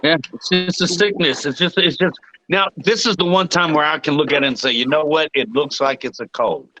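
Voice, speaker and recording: A man's voice: fairly high pitch, fairly quick, pushed and bright, highs cut off. A man co-hosting a podcast, bantering in casual chat with heavy swearing. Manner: profane, emphatic banter. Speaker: podcast co-host.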